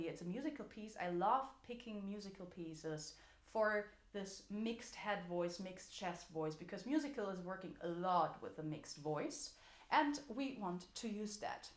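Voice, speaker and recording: A woman's voice: medium pitch, expressive, moderate pace. A woman teaching a singing lesson as a vocal coach, explaining technique in an encouraging way. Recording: echoey room.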